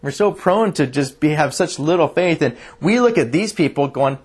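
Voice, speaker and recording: A man's voice: a little high, normal speed, few pauses, husky. A man preaching a sermon as a pastor, telling stories earnestly and often restarting his sentences. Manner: earnest, animated storytelling with frequent restarts.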